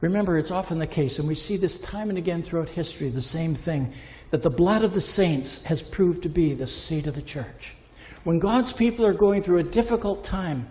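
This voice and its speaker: A man with a high, mellow voice preaches a sermon in a hall with a long reverb. He swings from emphatic, impassioned peaks down to low, hushed lines.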